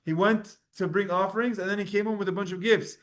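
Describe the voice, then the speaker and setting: A man's voice: high-pitched, fairly even intonation, quick pace, a bit bright. A man teaching a Talmud class, reading Hebrew verses aloud and then translating and explaining them in casual English. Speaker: Torah teacher.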